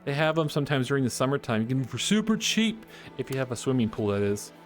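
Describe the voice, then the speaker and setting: A man's voice: medium pitch, lively intonation, fast talker, soft background music. A man chatting playfully with his live-stream chat, joking and drawing as he talks. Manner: playful and goofy, jokes with chat.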